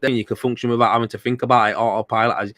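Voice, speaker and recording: A man's voice: medium pitch, flat delivery, racing, fairly bright tone, dry recording. A tired man hosting a casual livestream podcast, talking bluntly and swearing freely, rambling with lots of repeated fillers. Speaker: podcast host.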